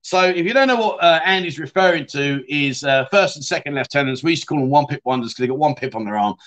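A man's voice: on the high side, lively intonation, fast talker, fairly bright tone, highs cut off. A man hosting a casual livestream, reading out viewer comments and chatting back with frequent "mate" and the odd swear word. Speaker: livestream host.

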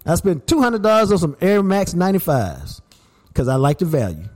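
He hosts a podcast and spins stories in a casual chat, his high voice moving a little fast. His storytelling is animated and emphatic, and he gets worked up.

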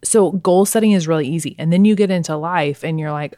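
Upbeat lower-voiced woman podcast co-host. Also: fast, few pauses, warm tone, dry recording, clean studio sound. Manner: upbeat, chatty, enthusiastic. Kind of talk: casual chat.

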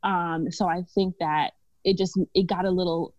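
Chatty low-voiced New woman. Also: steady tone, normal speed, a little mellow, dry recording. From Brooklyn, New York. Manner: candid, chatty storytelling with frequent laughs. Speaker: podcast guest. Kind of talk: casual podcast conversation. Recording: dull lo-fi dry sound.

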